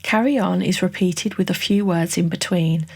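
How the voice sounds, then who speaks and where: A woman giving a scripted songwriting lesson, explaining each term in a clear, measured, list-like way. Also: on the low side, no room sound. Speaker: songwriting tutorial narrator. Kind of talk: scripted educational narration.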